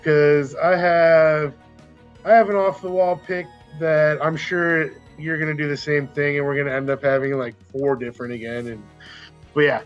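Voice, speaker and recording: A man's voice: a little high, level tone, normal speed, dull audio, faint music behind. A man hosting a sports podcast, chatting casually and rambling with restarts. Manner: rambling, self-correcting. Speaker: podcast host. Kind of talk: casual chat.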